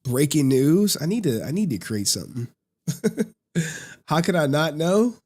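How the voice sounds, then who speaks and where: A man in his thirties hosting a casual live stream, talking in slang, laughing often and telling stories in an animated way. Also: a little high, unhurried, breathy edge. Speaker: streamer host.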